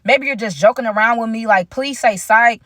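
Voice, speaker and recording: A woman's voice: a little high, normal speed, fairly bright tone, no echo, clean studio sound, natural voice. Angry jealous young woman, accusing tone, woman quoting her in a storytime. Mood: upset. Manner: heated, accusing.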